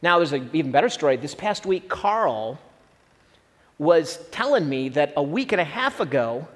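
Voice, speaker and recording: A middle-aged male pastor preaches in a high, lively voice that rises and falls a lot. He talks to his congregation in a casual, conversational way with asides. The recording carries a long hall reverb. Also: normal speed. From Southern Illinois. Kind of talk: sermon.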